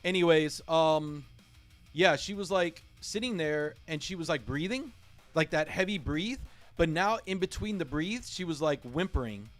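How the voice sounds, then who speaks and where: Guy streaming and telling a sad story, kinda high voice, keeps correcting himself, faint music behind. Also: lively intonation, measured pace. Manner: rambling, self-correcting, many fillers. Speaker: livestream host. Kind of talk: emotional personal story on stream.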